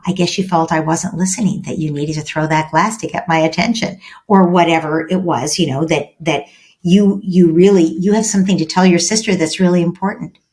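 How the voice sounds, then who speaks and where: Woman explaining, tagging points with "right?". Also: on the low side. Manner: acts out gentle parent-child dialogues. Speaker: parenting expert guest. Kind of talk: podcast interview advice.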